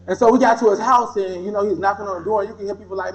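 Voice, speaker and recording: A man's voice: high-pitched, fairly even intonation, very fast. A man giving a personal testimony talk, telling his story with animation and acting out what others said. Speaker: guest speaker. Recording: dull lo-fi recording.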